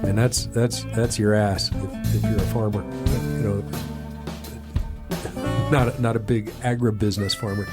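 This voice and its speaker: A man's voice: fairly low pitch, normal speed, over loud music. A man from Texas hosting a recovery podcast interview, telling a long folksy story with many restarts and self-deprecating asides. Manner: rambling storyteller, animated voices in quotes, self-deprecating. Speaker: podcast host. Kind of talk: casual interview. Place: small studio.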